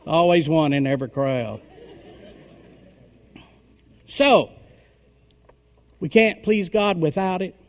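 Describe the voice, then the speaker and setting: A middle-aged man preaching a sermon, emphatic, with call-and-response and swings between loud and soft. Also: a little high, lively intonation, takes it slowly, pauses often. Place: church hall. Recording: long hall reverb.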